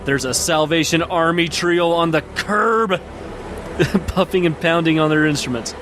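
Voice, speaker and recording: A man's voice: on the high side, measured pace, over music. A man hosting a podcast, reading a film script for laughs with crude asides. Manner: reads stage directions with laughs, crude asides. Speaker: podcast host. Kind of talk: comedic script reading with voices.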